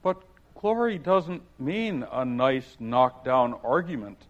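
Read-aloud figure: man doing a soft-spoken, polite, puzzled young girl, lifted voice, muffled lo-fi recording. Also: mid-range voice, very animated, slow pace. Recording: dull lo-fi recording.

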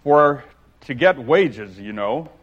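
Read-aloud figure: man doing a pompous, scornful egg, loud and emphatic, mid-pitched, dull lo-fi recording. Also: lively intonation, slow pace.

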